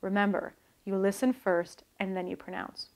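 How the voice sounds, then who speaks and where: A woman, an author, giving a calm, scripted talk on learning languages and demonstrating pronunciation. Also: medium pitch, normal speed.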